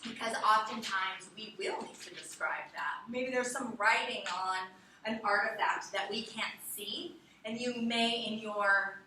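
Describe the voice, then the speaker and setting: A woman teaching a class in a lively way, quizzing her students as she lectures. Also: on the high side, unhurried. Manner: lively, asks the class questions. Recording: echoey room from far off, faint noise.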